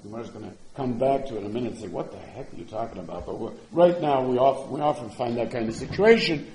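A man's voice: mid-range voice, mellow, echoey room. A man teaching a Talmud lesson, asking and answering questions back and forth as he explains.

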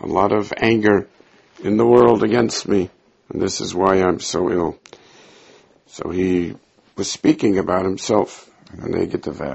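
A man's voice: mid-range voice, vocal fry, husky, lo-fi sound. A man teaching a Talmud class who reads passages aloud, explains them in English, and acts out the quoted speakers. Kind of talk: Talmud class, reading and translating.

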